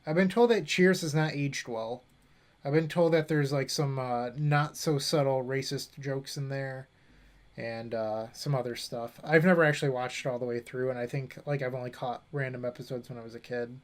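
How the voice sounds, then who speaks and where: A young man at a mid-range pitch talks through his moves as he streams a card game. He thinks aloud in an easy, offhand way, breaking off to chat with his viewers. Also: steady tone, normal speed. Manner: thinking aloud, chatting with viewers between plays. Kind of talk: casual gameplay commentary.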